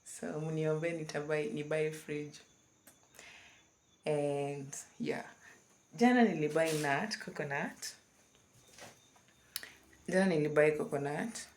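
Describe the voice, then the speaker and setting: A woman's voice: sits low, takes it slowly, pauses often, slight background noise. A young woman, chatting casually in a vlog and switching between English and Swahili. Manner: mixes English with Swahili, bubbly and giggly when excited. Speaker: vlogger.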